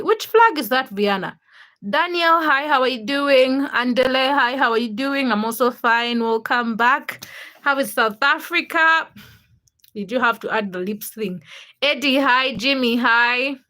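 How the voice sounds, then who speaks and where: A young adult woman talks casually to her livestream viewers. She tells childhood stories in an animated way, acting out the people in them. Her voice sits a little high and has a bright, forceful edge. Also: unhurried. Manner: animated storytelling, acts out quotes with laughter. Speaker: livestream host.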